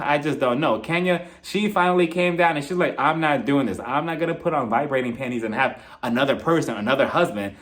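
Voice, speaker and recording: A young man with a slightly high voice chats through a reality TV recap. He talks loosely, laughs often and slips into quick impressions of what people said. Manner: chatty, laughs often, acts out quotes. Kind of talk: casual solo commentary.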